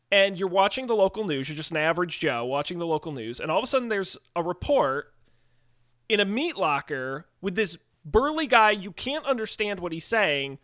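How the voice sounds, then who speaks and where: A man co-hosting a casual movie podcast, telling jokey stories in an animated way. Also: high voice, no echo, studio quality. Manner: animated, joking storyteller. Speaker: podcast co-host.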